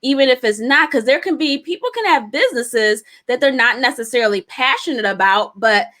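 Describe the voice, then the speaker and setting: A middle-aged woman leads a live business lesson in a bright, fairly high voice. She talks to her viewers in an encouraging, chatty way, laughs lightly between points, and drives ideas home with repetition and rhetorical questions. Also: animated, a little fast. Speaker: business coach.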